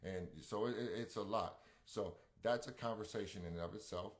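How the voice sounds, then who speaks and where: On the low side and a little fast, this male podcast co-host reads out live comments on a relationship show. His talk is casual and rambling, full of slang and false starts.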